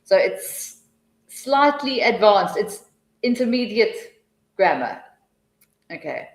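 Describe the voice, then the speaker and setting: A woman with a lowish voice runs a live webinar for language teachers, talking in a loose, chatty way that keeps restarting mid-sentence. She drops into quiet mutters to herself while she clicks between slides. It's recorded through a computer mic in an echoey room. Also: measured pace. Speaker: webinar presenter, TEFL trainer.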